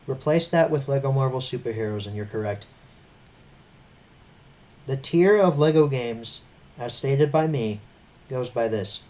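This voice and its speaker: A man's voice: mid-range voice, a little mellow. A young man hosting a casual chat, rambling and rattling off rankings. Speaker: channel host. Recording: faint background noise.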